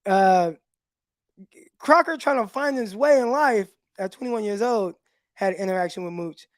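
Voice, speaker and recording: A man hosting a casual livestream, telling stories in an animated way with laughs, talking into a phone. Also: high voice, normal speed, no room sound, studio quality. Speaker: podcast host and former football player.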